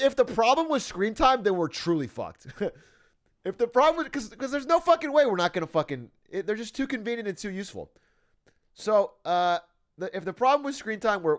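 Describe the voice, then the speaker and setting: A young adult man streaming, chatting casually with his viewers and reading out their messages, laughing often and swearing freely. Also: high-pitched. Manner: animated, laughing, swears often, reads out chat.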